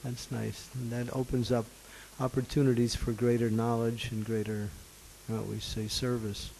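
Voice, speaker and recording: A man's voice: medium pitch, little pitch movement, moderate pace, creaky, darkish tone, slight background noise, low-quality recording. A man acting as a spiritual teacher who answers questions from a gathering, good-humored and laughing often.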